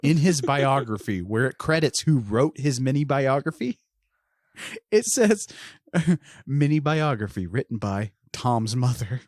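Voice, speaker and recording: Brief: podcast co-host, loose and rambling, swears freely, pitch jumps around, dry close sound. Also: animated, a little slow, darkish tone, dry recording. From Oklahoma. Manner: profane, laughs often, rambling. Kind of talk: casual chat.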